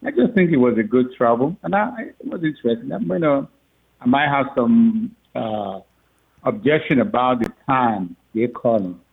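A father telling a story on the phone, animated and laughing often as he acts out what people said. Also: medium pitch, normal speed, gravelly, breathy edge. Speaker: father of a recruit. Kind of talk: phone interview. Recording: tinny phone line.

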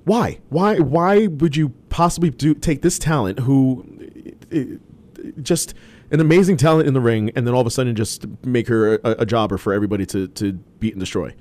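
A man's voice: medium pitch, a little fast, a little mellow. A man co-hosting a casual talk show, rambling with many restarts and fillers. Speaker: podcast co-host. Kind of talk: casual wrestling chat.

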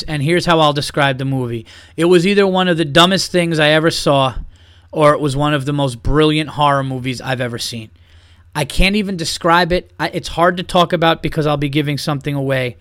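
A man's voice: fairly high pitch, fairly bright tone, clear, resonant tone, no echo, clean studio sound. A man hosting a podcast, ranting in a casual, comedic way, swearing often and mocking people with heat. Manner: profane, heated, mocking. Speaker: podcast host.

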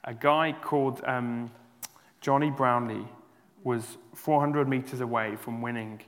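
A male pastor preaching a sermon in a church hall, earnest and emphatic, rising to loud peaks and sometimes stumbling over his words. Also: mid-range voice, steady tone, unhurried. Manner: restarts and stumbles, emotional. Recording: long hall reverb.

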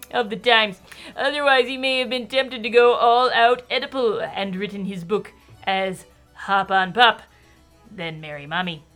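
A woman's voice: on the high side, fairly bright tone. Woman doing a snooty nasal academic. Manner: pompous mock-academic reading. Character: snobby overeducated female literary scholar.

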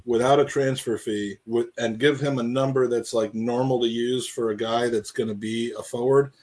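A man's voice: medium pitch, steady tone, moderate pace, darkish tone. Rambling, jokey male podcast host. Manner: rambling, jokey, addresses the live chat. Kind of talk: casual live-stream football chat.

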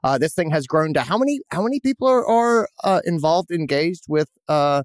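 An enthusiastic man hosts a casual podcast, his voice rising and falling in a lively way. He chats warmly with a guest and laughs easily. The sound is close and dry, with no room in it. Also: a little high, a little fast, no room sound. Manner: enthusiastic, animated, laughs often. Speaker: podcast host, veterinarian. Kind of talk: casual chat.

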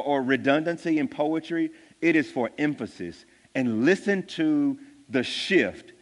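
Male pastor, sermon delivery, unhurried, swings between emphatic and hushed, church reverb. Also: fairly high pitch. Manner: builds to loud emphatic peaks, then drops quiet and slow. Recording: long church hall reverb.

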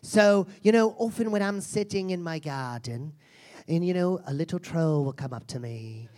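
A crude, foul-mouthed self-help seminar guru in a live comedy act, a man putting her on. She mocks and insults her audience with theatrical scorn, in a voice pitched a touch higher than usual. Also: expressive, moderate pace, darkish tone, close to an everyday voice. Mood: brash. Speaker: comedian performing a character. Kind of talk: live stand-up character act.

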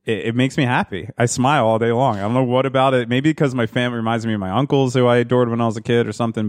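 A man's voice: medium pitch, no room sound. A man from New Jersey co-hosting a podcast, joking and rambling in casual crude chat. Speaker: podcast co-host.

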